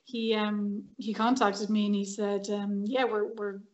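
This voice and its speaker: A woman's voice: mid-range voice, measured pace, dull audio. An Irish woman, a guest on a podcast, telling stories in a casual chat and acting out the dialogue. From Ireland. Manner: lively storyteller who acts out quoted dialogue. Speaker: podcast guest, actress and violinist. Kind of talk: casual storytelling interview.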